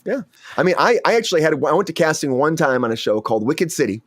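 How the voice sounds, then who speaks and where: Male host, actor, animated storyteller; slightly high voice, dry close recording. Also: quick pace, no echo. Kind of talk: casual chat.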